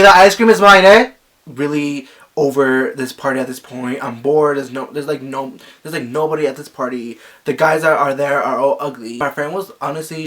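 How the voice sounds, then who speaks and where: A young man telling a story casually, animated and gossipy, filling his talk with "like" and acting out the quotes loudly. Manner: animated, acts out quotes with sharp jumps in pitch and volume; gossipy, frequent "like" fillers. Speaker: vlogger.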